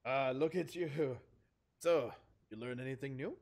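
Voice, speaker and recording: A man's voice: medium pitch, measured pace, darkish tone, lightly acted. A man voicing a big, jolly male troll ghost uncle in a put-on Russian accent, boisterous and doting. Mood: jovial.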